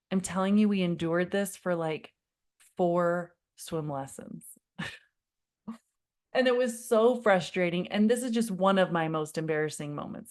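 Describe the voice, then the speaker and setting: Confiding woman parenting coach, lowish voice. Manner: warm, confiding storyteller who addresses viewers as friend; acts out her own past pleading in quoted lines. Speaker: parenting coach hosting a live workshop. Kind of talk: live online workshop talk.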